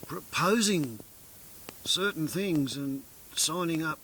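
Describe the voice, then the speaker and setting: Slow, bright-voiced man. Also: on the high side, expressive, slight background noise. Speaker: commentator. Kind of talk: casual political commentary.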